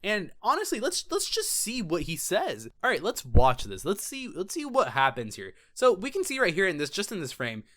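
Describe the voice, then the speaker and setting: A man with a bright, fairly high voice that jumps around a lot in pitch, giving casual commentary over a gaming clip. He is excitable and profane, laughing and tripping over his words. He talks like a gaming channel host breaking down footage. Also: moderate pace, hardly any pauses. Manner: excitable, swears freely, laughs and restarts often.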